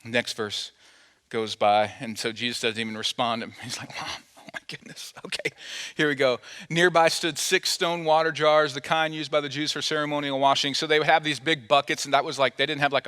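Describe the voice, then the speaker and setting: A man's voice: on the high side, pushed and bright, clean tone. A man preaching a sermon as pastor, telling a story playfully and acting out the quoted dialogue. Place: church auditorium. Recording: long hall reverb.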